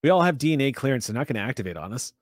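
A man's voice: medium pitch, very animated, very fast, no room sound, clean studio sound, close to an everyday voice. A man voicing a careless male lab worker who brushes off a warning. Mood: dismissive. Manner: dismissive, offhand.

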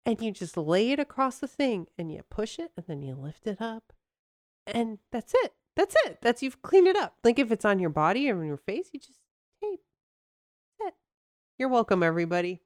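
A woman's voice: a little high, big pitch swings, moderate pace, no room sound, clean studio sound. A woman co-hosting a podcast in casual chat, bubbly and rambling, laughing often as she talks. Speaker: podcast co-host.

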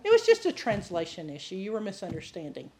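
A woman preacher giving a sermon full of animated stories, often laughing and acting out the voices of people she quotes. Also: medium pitch, fast. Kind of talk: sermon with storytelling.

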